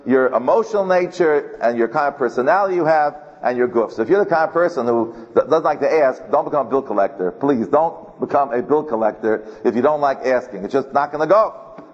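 A man teaching a Torah class as a rabbi, telling a personal story in a chatty way, often repeating words and chuckling. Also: mid-range voice. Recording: dull recording in a reverberant hall.

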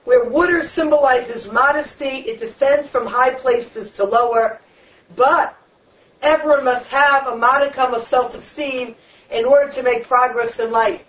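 High-voiced woman giving a Torah lecture. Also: measured pace, fairly bright tone. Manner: emphatic, repetitive preaching cadence. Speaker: Torah teacher. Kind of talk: Torah lecture on the weekly portion. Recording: distant, dull lo-fi room recording.

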